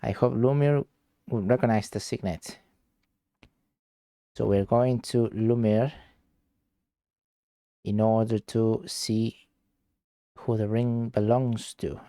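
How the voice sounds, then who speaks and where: A man streaming a game, chatting with viewers in a slow, relaxed, rambling way. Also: fairly low pitch, dry recording, studio quality. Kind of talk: casual gameplay commentary.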